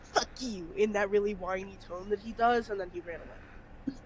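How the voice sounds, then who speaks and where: A man playing a tabletop game, joking and swearing in quick banter. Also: sits high, fairly even intonation, darkish tone, a little hiss or hum, low-quality recording. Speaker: player.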